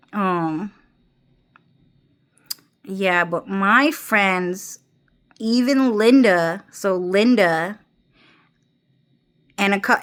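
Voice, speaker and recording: A young woman rambles into her phone's front camera in a casual vlog, her voice sitting in an ordinary middle pitch. She circles back on her own words again and again, drops swear words freely and laughs between lines. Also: fairly bright tone. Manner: rambling, swears a lot, restarts and repeats phrases, laughs often. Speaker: vlogger.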